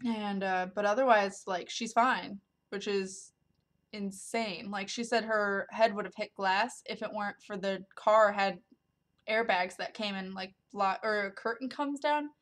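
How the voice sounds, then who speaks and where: A woman's voice: medium pitch, fairly even intonation, measured pace, a bit bright. A woman vlogger telling a story to camera in a casual, rambling way, with lots of ums and likes. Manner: rambling, filler-heavy, many ums and likes.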